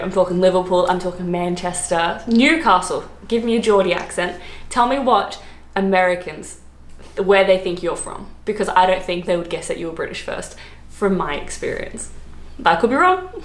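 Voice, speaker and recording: A woman from Australia with an Australian accent, chatting casually to camera in a rambling way, laughing often and filling pauses with ums and likes. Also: medium pitch, echoey room. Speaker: vlogger. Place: room, lived in London.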